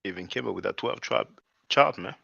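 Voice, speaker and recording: Gravelly low-voiced man in casual commentary. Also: expressive, a little fast, pushed and bright, no echo. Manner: loose and conversational, often says "man"; addresses viewers as brothers and sisters. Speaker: channel host. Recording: dull lo-fi dry recording.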